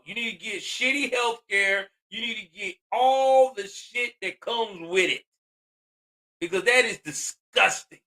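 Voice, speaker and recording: A man's voice: high voice, pushed and bright. A man in his forties giving heated, profane commentary on a news story, ranting angrily with a lot of emphasis. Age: 40s.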